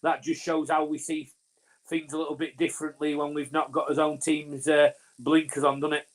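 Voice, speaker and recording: During a live rugby league watch-along for fans, this Northern English co-host delivers rambling commentary at moderate pace. His voice is fairly high and flat, and he talks over his partner with frequent fillers and restarts.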